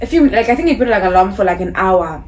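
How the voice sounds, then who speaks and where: A young woman in her twenties with a South African accent, telling a personal story in a casual, animated, slangy way. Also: medium pitch, fast talker. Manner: animated, acts out dialogue, slangy. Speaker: YouTuber.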